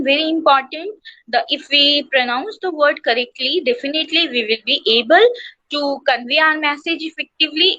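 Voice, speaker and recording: A woman with an Indian English accent giving an online class lecture to students, explaining slowly with many pauses and fillers. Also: high-pitched, bright, forceful tone. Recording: dull lo-fi online class audio.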